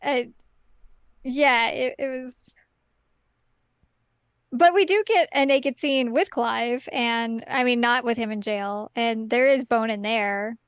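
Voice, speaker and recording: Giggly, animated woman with a dry close sound. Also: a little high, takes it slowly, pauses often, clean tone, dry recording. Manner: giggly, animated, acts out her own reactions. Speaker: podcast guest. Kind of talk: casual podcast chat.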